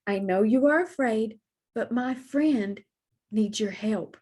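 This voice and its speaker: Storybook dog, gentle and timid, read by a woman; soft, slow, faintly husky. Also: on the high side. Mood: hushed pleading. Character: gentle timid male dog, kind-hearted.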